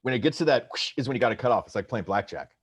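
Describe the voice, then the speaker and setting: A man co-hosting a podcast in casual chat, wry and playful with a deliberate way of talking. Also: mid-range voice, animated, breathy edge, no echo, lo-fi sound. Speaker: podcast co-host.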